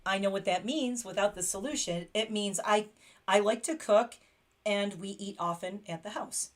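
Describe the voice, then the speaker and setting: An American woman hosts a laid-back late-night livestream chat, talking at a normal speed in a mid-range voice. She's chatty, laughs a lot, and reads brief practice phrases out loud.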